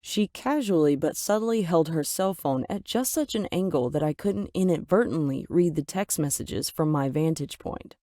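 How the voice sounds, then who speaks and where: A woman's voice: low voice, animated, normal speed, few pauses, mellow, dry recording, clean studio sound. A woman telling a first-person story in a dramatic, emphatic way. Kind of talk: scripted first-person narration.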